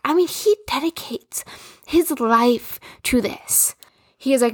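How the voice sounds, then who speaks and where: A woman's voice: high-pitched, fairly quick, no room sound, studio quality. A young woman from Minnesota hosting a podcast, telling a story in a blunt, profane, exasperated way. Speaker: podcast host. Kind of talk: casual solo rant.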